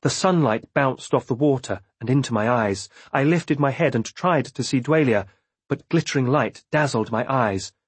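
A man reading a novel aloud in first person with measured, steady storytelling. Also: mid-range voice, husky, dry recording. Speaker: audiobook narrator. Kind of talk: scripted first-person narration.

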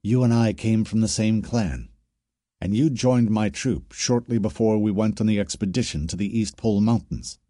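A man voicing a female alien troop commander who speaks cautiously and politely with quiet authority. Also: lowish voice, moderate pace, no room sound, clean studio sound, lightly acted. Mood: pointed.

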